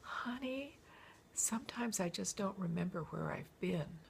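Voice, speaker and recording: A woman voicing a frail, gentle grandmother over a hundred years old, answering fondly in a soft, breathy near-whisper. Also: mid-range voice, lively intonation, exaggerated voice. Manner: mild, fond, unhurried replies.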